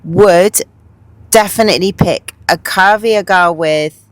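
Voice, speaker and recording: A woman's voice: fairly low pitch, takes it slowly, no room sound, low-quality recording. A woman co-hosting a podcast, giving frank opinions in casual chat and laughing easily. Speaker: podcast co-host.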